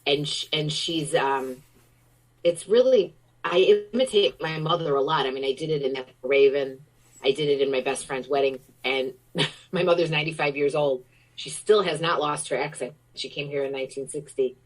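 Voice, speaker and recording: Low-voiced, effusive middle-aged woman. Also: normal speed, low-quality recording. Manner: effusive, enthusiastic storytelling. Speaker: actor, interview guest. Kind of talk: casual interview chat.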